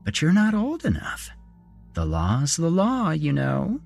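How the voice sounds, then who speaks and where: A man's voice: fairly high pitch, wildly swooping pitch, takes it slowly, creaky, darkish tone, faint music behind, voice pushed up, heavily acted. A man voicing a cheerful, creepy grown man who swings from jolly chatter to a hissing whisper. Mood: gleeful. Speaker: storyteller. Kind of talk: horror story narration.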